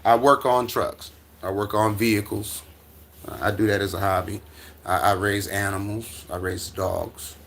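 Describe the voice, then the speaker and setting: Speaking a little slowly in a steady, lowish, slightly bright voice, with slight background noise, a middle-aged American man hosts an easygoing livestream from home with his dog. He reads the chat and replies in a wandering way, stammering, restarting and chuckling.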